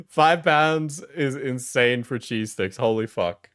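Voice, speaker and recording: A man's voice: mid-range voice, slow, fairly bright tone, smooth, dry recording, studio quality. A man streaming and reacting casually, laughing often and restarting his sentences.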